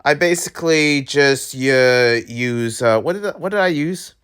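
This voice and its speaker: A young man who makes gaming videos, talking straight to his viewers in a casual, excitable rant. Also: mid-range voice, measured pace, clear, resonant tone. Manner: animated, excitable, talks to viewers directly. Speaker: gaming YouTuber.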